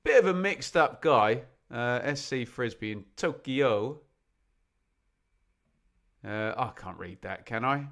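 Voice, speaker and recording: Bright, chatty man hosting a stream. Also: medium pitch, animated, slow pace, pauses often. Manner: chatty, jokey, bursts into snatches of song. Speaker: football watch-along host. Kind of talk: live-stream chat reading out viewers.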